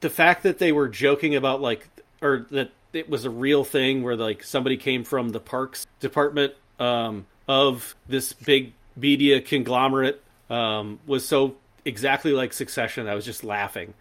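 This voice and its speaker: A man's voice: mid-range voice, fairly even intonation, moderate pace, fairly bright tone. A man co-hosting a pop-culture podcast in casual chat, rambling with many fillers and restarts. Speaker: podcast co-host.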